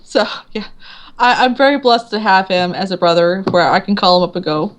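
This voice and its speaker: A woman author guest speaks in a medium-pitched voice at a fairly quick pace during an interview. Casual and animated, she performs the voices in her quotes and laughs frequently.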